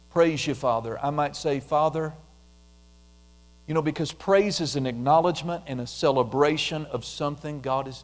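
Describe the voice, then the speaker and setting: A man preaching a conversational sermon, repeating phrases and dropping into a soft, quiet voice when he prays aloud. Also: a little high. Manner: conversational, repetitive, drops softly into prayer voice.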